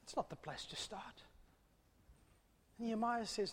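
A man preaching a sermon, swinging between loud, fervent calls and hushed, low asides. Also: a little slow, pauses often, slightly rough. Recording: long hall reverb.

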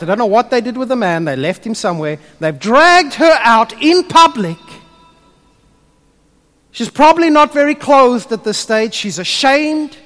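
A pastor with a high voice preaches animatedly, then softens to tell a story. The long reverb of a church hall surrounds his sermon.

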